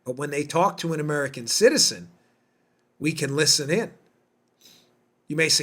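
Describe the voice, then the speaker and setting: A man's voice: on the high side, normal speed, long pauses, a bit bright. A man hosting a political podcast, talking in an emphatic, indignant way with lots of rhetorical questions. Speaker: podcast host. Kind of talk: political commentary monologue.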